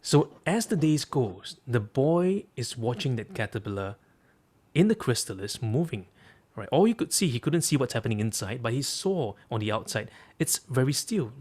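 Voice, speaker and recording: A man's voice: medium pitch, sing-song, moderate pace, darkish tone. A man, a coach, telling a story and drawing lessons from it with emphatic repeated phrases. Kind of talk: storytelling talk.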